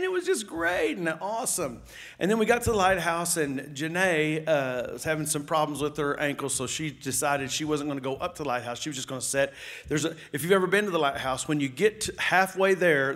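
A man, preaching and telling a lively personal story to his congregation. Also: on the high side. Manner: animated storytelling, addresses the audience as y'all.

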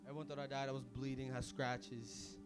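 Speaking briskly in a mid-range voice over music, a young man preaches as a pastor with lots of energy and plenty of slang. His delivery keeps lurching from quiet asides to loud shouts.

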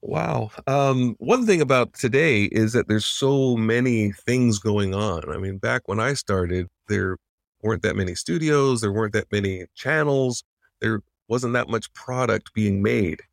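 A man's voice: fairly low pitch, a little slow, gravelly, dry recording, studio quality. A middle-aged man, a veteran animator, telling stories in an earnest, reflective way with frequent restarts. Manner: earnest, reflective, many restarts and acted-out quotes. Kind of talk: casual interview storytelling.

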